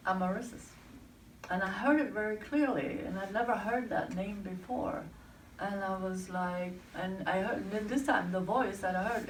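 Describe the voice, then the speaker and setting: Low-voiced woman telling a personal story. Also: echoey room, recorded from a distance, slight background noise, low-quality recording. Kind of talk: personal story told to an audience.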